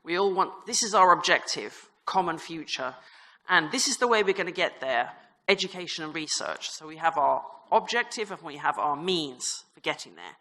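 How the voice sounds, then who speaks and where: A woman who is a nun and university vice rector speaks at a conference in a bright, clear voice. She talks informally, with self-deprecating asides and many restarts. Her words carry a long reverb from a large crypt hall. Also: sits low, animated, moderate pace. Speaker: religious sister and university vice rector giving a conference talk.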